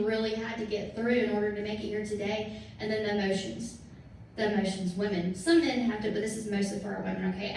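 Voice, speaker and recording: A woman giving an emphatic motivational talk to her sales team, repeating her points for effect. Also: on the high side. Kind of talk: motivational talk to a live audience. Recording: echoey room from far off, faint noise.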